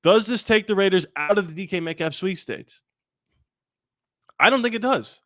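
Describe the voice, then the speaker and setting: A man hosting a live sports talk stream, animated and rambling with quick asides. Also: high voice, no echo, studio quality. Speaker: sports channel host.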